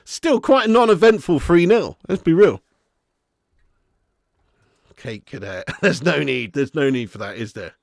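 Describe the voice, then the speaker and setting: Man, football stream host, joking banter, animated voice, dry close sound. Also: a little high, unhurried, creaky, long pauses, dry recording. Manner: jokey banter, frequent laughter, slangy. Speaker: watch-along streamer. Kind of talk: casual live football watch-along.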